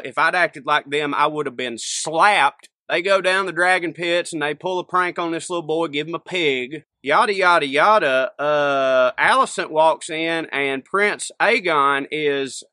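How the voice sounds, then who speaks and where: A man recapping a TV episode in a folksy, jokey way and slipping into quick character voices. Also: on the high side, pushed and bright, no room sound. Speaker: podcast co-host. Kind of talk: casual comedic recap.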